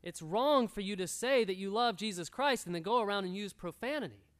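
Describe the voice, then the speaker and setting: A man's voice: high voice, lively intonation, a little fast, fairly bright tone. A male pastor preaching an earnest sermon to a room, exhorting and repeating his key points. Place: church room.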